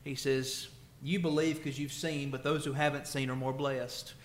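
A man preaching a sermon in a church. He is emotional, swelling loud on scripture and then dropping soft. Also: mid-range voice, little pitch movement, moderate pace, echoey room. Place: church sanctuary.

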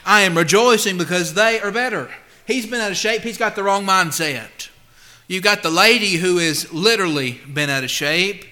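A male preacher with a high, bright, forceful voice delivering a sermon. He leans hard on his points, drops to near-quiet asides, then swells back up. His scripture readings come slow and measured. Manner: emphatic, swings between loud and hushed; reads scripture slowly and deliberately.

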